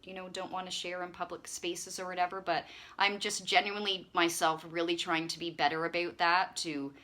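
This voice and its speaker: A woman's voice: fairly low pitch, level tone, brisk. A woman hosting her own channel, chatting casually to camera in a rambling, friendly way with lots of fillers. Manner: chatty, warm-hearted rambling with frequent fillers. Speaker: channel host.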